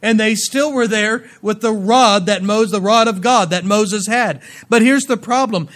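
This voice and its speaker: A pastor with a high-pitched voice delivers a sermon to his congregation at a slightly slow pace. He reads scripture aloud, then slips into playful asides. His delivery swings between loud emphasis and quiet endings that trail off.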